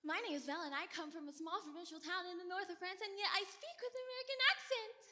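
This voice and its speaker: A woman's voice: very high voice, fast talker, pushed and bright. A woman playing a frazzled fairytale princess Belle going stir-crazy, singing and talking in a comic, exasperated way in a live stage musical. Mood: wry. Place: school stage.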